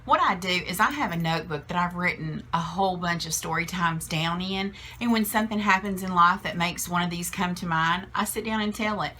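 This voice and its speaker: A woman's voice: lowish voice, bright, forceful tone, slight background noise. Chatty middle-aged woman. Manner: chatty, halting with fillers and restarts. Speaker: vlogger telling a story. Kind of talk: casual storytime.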